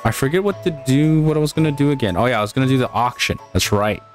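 A male gamer talking casually through his playthrough at a middle pitch. He is excitable and quick to swear and laugh when things go wrong, with faint game music behind him. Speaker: let's play gamer. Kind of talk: casual gameplay commentary.

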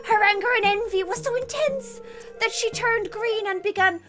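A woman voicing an old male wizard in a hushed, theatrical put-on Irish accent, reading game dialogue aloud. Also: very high-pitched, normal speed, music in the background, voice pushed up. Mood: solemn, hushed. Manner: hushed, lilting, theatrical storytelling.

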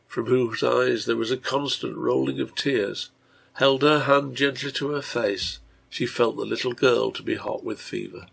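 A man reading a serialized story aloud in a measured way. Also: medium pitch, gravelly, breathy edge. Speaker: reader and translator.

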